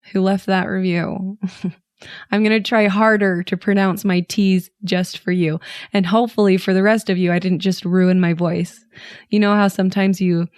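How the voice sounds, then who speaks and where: Woman, Utah accent, hoarse and raspy, chatty podcast host, giggly, dry close sound. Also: mid-range voice, darkish tone, no room sound. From Utah, USA. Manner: chatty, giggly, self-deprecating. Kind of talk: casual podcast chat.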